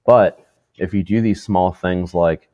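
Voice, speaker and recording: A man with a very low voice talks casually as a podcast co-host. He swears freely and laughs as he tells stories. The sound is dry and a little dull, like a close, slightly lo-fi mic. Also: measured pace, no room sound. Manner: swears freely, laughs often, animated storytelling. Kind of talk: casual chat.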